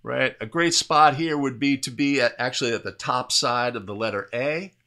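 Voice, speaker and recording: A man's voice: mid-range voice, normal speed, pushed and bright. A man breaking down recorded plays as an instructor, explaining step by step and often checking in with "right?". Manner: explanatory, repeatedly tags statements with "right?"; restarts and fillers while talking over video. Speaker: basketball officiating instructor. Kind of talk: video play review commentary.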